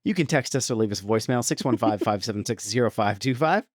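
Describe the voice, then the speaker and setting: A man's voice: on the low side, quick pace, no echo, clean studio sound. A man co-hosting a casual movie podcast, joking around and reading out plugs and patron names. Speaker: podcast co-host.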